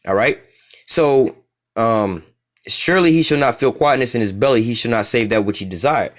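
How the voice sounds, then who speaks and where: A man teaching from the Bible in a loose, slangy way. He reads the verses slowly and deliberately, then explains them in blunt everyday talk. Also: mid-range voice. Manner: slangy, street-talk asides between slow verse readings. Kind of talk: informal scripture teaching.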